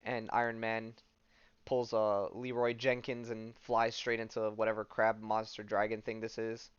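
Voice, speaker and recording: Smooth-voiced man rambling through a podcast recap. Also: on the low side, completely flat delivery, moderate pace, dry recording, muffled recording. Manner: rambling, loose delivery full of fillers. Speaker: podcast host. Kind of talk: casual comic book recap.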